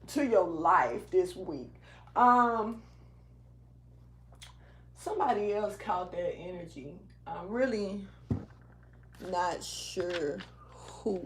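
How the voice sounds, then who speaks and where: A woman with a medium-pitched voice gives a casual tarot reading for her channel, walking around a room indoors against background noise. She's loose and slangy, rambling along and sometimes half-rapping.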